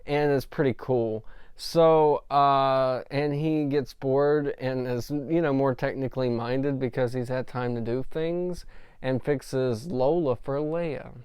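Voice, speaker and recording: A man's voice: mid-range voice, fairly even intonation, slow pace, a little mellow, clear, resonant tone, no room sound, clean studio sound. A man reviewing a show episode in a casual, rambling recap with many fillers. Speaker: film reviewer.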